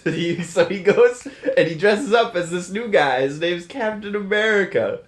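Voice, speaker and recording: A man's voice: high voice, lively intonation, moderate pace, echoey room. A man giving a casual, laughing recap of a movie's plot, slipping into goofy voices for the characters.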